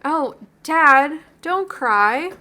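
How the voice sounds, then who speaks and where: A woman voicing a sarcastic, teasing teenage girl with a lively voice. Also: high voice, drawn-out words, voice pushed up, full character voice.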